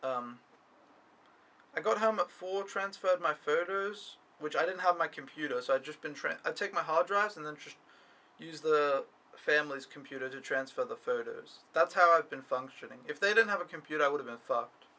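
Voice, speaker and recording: A man's voice: a little high, moderate pace, pushed and bright, rough recording. A young man talking to camera in a rambling, complaining vlog recap, swearing often. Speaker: au pair vlogger. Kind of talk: casual weekly recap vlog.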